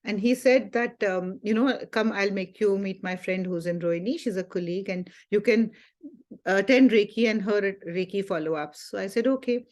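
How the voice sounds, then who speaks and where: Woman, wellness teacher, mid-pitched, heartfelt storyteller, chatty Sunday talk. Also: moderate pace, a little mellow. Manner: earnest storytelling with frequent fillers and quoted dialogue. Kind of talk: personal testimony in a Sunday talk.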